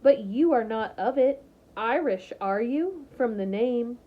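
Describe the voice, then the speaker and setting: A woman voicing a proud, composed young woman who speaks calmly and with dignity, in a muffled lo-fi recording. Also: on the high side. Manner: calm, dignified, measured.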